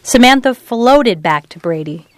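A woman narrating a novel in an even, measured storytelling read. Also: fairly high pitch, no echo. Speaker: audiobook narrator. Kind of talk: scripted narration.

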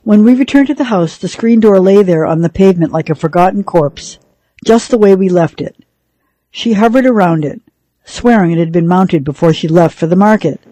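A woman reading a novel aloud for a radio reading service, in a measured storytelling manner. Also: on the low side, warm tone, dry recording, low-quality recording. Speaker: radio reader.

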